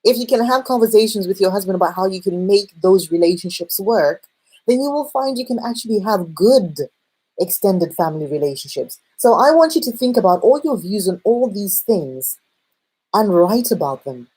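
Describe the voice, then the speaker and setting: A woman dating coach giving casual advice in a chatty, animated way, with playful asides to the viewer. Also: mid-range voice, normal speed, husky, rough recording. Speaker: dating and self-discovery coach.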